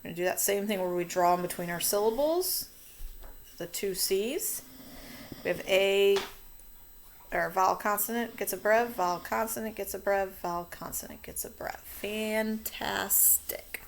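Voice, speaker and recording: Woman teacher, spelling lesson for kids, slow careful dictation, mid-pitched voice, faint hiss behind. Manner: slow, stretched-out word dictation. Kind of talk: spelling and phonics lesson for children.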